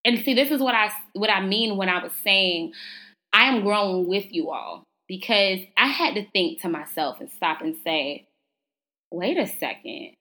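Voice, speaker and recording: Bright-voiced woman podcasting. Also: mid-range voice, moderate pace. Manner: casual, chatty and preachy, addresses listeners as y'all. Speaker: podcast host. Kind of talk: motivational solo podcast talk.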